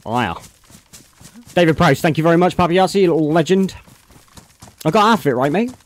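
A man's voice: fairly high pitch, lively intonation, fairly quick. Laid-back Bristolian man streaming a game. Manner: laid-back, chatty, says mate a lot. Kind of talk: casual gaming chat.

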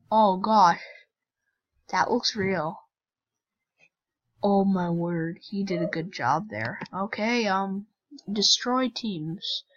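A woman's voice: mid-range voice, highs cut off. A woman hosting a gaming channel, chatting casually and teasing other players as she plays. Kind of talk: casual game commentary.

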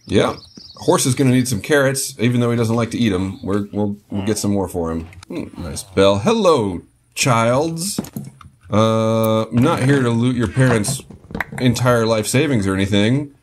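A gaming channel host, a man with a mid-range voice, chats casually over his own gameplay at a normal speed, cracking jokes. He's animated and playful, apologizing to his game horse in a mock-serious way. There's slight background noise.

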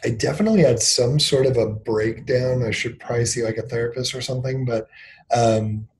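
A man in his thirties tells personal stories in an interview. His voice is warm and mellow. He talks reflectively and often uses fillers like "um" and "like", then briefly acts out the lines of other people in quick bursts. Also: mid-range voice, slight background noise. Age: 30s. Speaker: company CEO, guest. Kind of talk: candid interview storytelling.

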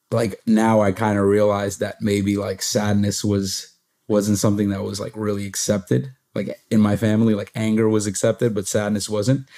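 Soft-spoken, hesitant young man. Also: on the low side. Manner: hesitant, many fillers and restarts. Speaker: podcast host. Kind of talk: reflective conversational sharing.

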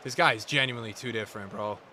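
A man streaming a football video game, talking to his chat in slangy, repetitive commentary that jumps from shouting at the referee to low muttering. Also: fast, slight background noise. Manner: swings between shouted outbursts and low muttering; slangy, repeats himself. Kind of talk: live gameplay commentary.

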